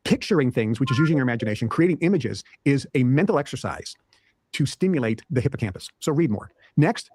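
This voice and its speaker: Fast-talking man giving health tips. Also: medium pitch, darkish tone, no room sound. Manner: brisk, emphatic and repetitive. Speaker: guest teacher. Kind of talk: instructional talk on health and mind.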